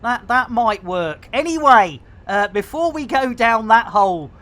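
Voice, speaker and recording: A woman chats loosely to her live-stream audience, wandering off into puns and giggling fits. Her voice sits fairly high. She takes her time, talking at a slow, easy pace. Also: animated, a bit bright. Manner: giggly, rambling, punning. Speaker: game streamer. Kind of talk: casual live-stream chat.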